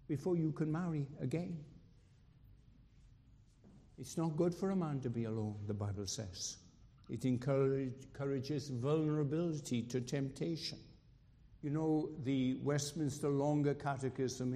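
Man, preacher, sermon, very slow, deep mellow tone, long hall reverb. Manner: emphatic rises and dramatic pauses, acting out quotes.

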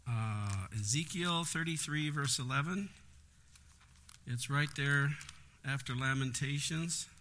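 A man's voice: medium pitch, slow pace, pushed and bright. A man leading a Bible study in an earnest, explanatory way, with frequent conversational asides.

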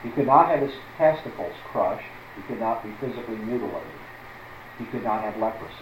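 A man's voice: on the low side, lively intonation, fairly quick, reverberant, background noise. A man teaching through a Bible passage as a preacher, stressing words one by one and putting questions to his listeners.

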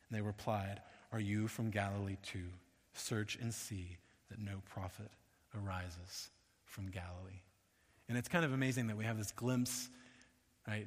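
Man preaching in a reverberant hall. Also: mid-range voice. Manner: conversational, acts out the voices in the passage. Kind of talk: sermon.

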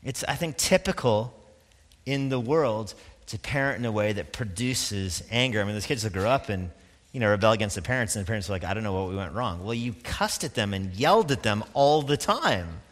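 Bright-voiced man preaching in a reverberant hall. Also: on the low side, animated. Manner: conversational preaching with quick asides and laughs. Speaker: pastor. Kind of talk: sermon.

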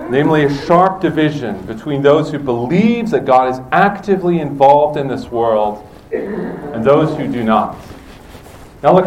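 A man's voice: a little high, roomy sound, recorded from a distance, a little hiss or hum, poor audio. A man preaching a sermon as a pastor, earnest and emphatic, asking rhetorical questions of his congregation.

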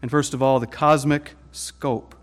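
A man preaching a sermon, deliberate and emphatic, building stress through lists of scripture. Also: mid-range voice, steady tone.

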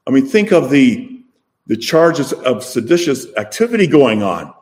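A man preaching a sermon, emphatic and full of rhetorical questions, with his voice rising and falling in loudness. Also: mid-range voice, big pitch swings, measured pace.

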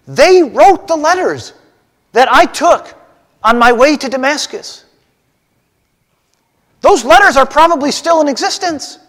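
A man's voice: very high voice, a bit bright, long reverb tail, voice pushed up. A man voicing the apostle Paul as an earnest, emphatic adult man pleading with his listeners.

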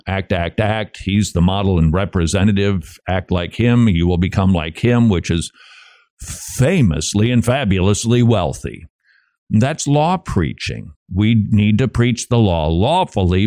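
A man hosting a radio show, preaching with emphatic, lively swings of pitch in his mid-range voice. He poses rhetorical questions and presses each point hard. The sound is close and dry, with no room echo. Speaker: radio host.

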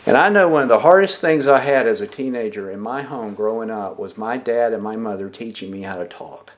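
A pastor preaching a sermon, asking the congregation questions and repeating their answers back. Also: male voice, on the low side, fairly quick. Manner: emphatic preaching with lively rises and drops.

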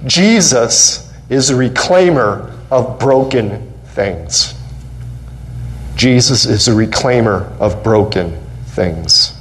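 A man's voice: medium pitch, lively intonation, slow pace, fairly bright tone, rough recording. Man preaching with rising fervor. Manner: impassioned preaching, voice rising on questions and quotes; repeats phrases for emphasis. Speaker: pastor. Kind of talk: sermon. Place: church sanctuary.

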